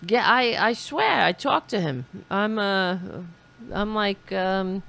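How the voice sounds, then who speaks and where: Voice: mid-range voice, expressive, slow, gravelly, bright, forceful tone. A comedic commentator reacting to clips with sarcastic, mocking remarks and repeated quotes.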